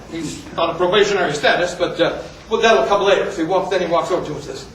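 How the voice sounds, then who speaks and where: A man's voice: sits high, quick pace, fairly bright tone, slight background noise. A man giving a folksy, joking history talk at a meeting, often restarting phrases. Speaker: speaker at a heritage group meeting. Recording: echoey hall, speaker far from mic.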